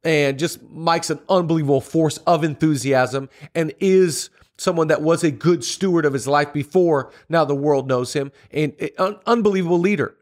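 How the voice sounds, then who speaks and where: A middle-aged pastor hosting a podcast speaks with preacher's energy, stacking up repeated lines for emphasis. His voice sits a little higher than most men's as he coaches listeners on leadership. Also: moderate pace, few pauses, darkish tone. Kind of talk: motivational leadership talk.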